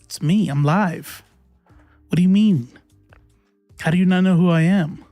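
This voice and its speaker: Chatty man, slightly high voice. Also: a little slow, warm tone, no room sound, faint music behind. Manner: chatty, laughing, swearing, fumbling with settings. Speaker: livestream host. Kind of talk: casual livestream chat.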